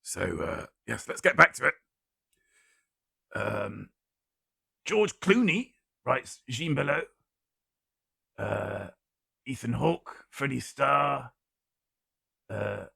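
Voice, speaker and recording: A man hosts a live-streamed guessing game and reads out chat guesses with a wry, deadpan humor. His voice is gravelly with a husky edge and a bright, piercing tone. The sound is dry and close, with no room around it. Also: mid-range voice, extremely slow, pauses often, no room sound.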